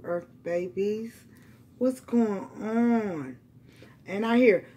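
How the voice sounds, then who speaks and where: A woman reading tarot cards for her viewers, blunt and profane, repeating lines for emphasis and swinging between loud outbursts and quiet, emotional asides. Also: fairly low pitch, a little slow, a little hiss or hum. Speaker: tarot reader.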